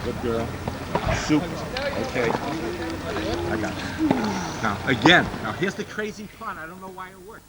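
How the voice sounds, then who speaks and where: A man with a slightly high voice coaching a young swimmer poolside, brisk and commanding. He snaps short instructions and praise while turning aside to explain his method to onlookers. The sound is noisy 1990s camcorder audio. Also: big pitch swings. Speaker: swim instructor. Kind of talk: poolside swim coaching and demonstration. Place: camp swimming pool. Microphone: camcorder mic.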